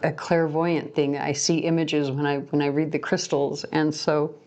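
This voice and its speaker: A woman reads tarot cards to her viewers in a loose, talkative way, wandering off on tangents and laughing at her own jokes. Her voice sits a little on the low side. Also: flat delivery, normal speed, darkish tone. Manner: chatty and rambling, laughs often at herself. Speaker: tarot reader. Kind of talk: casual tarot reading to camera.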